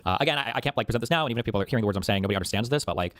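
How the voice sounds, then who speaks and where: Man, streamer, rapid-fire talker, agitated profane rant, dry close sound. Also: on the low side, animated, a bit bright, no echo. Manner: heated, agitated. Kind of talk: casual chat.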